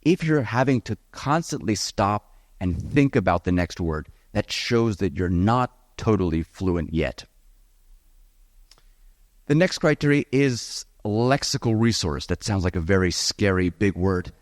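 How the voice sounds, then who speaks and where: A man teaching a live seminar on the speaking exam, lively and encouraging, talking straight to his audience. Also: fairly low pitch, a little slow, no echo, clean studio sound. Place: event hall with audience.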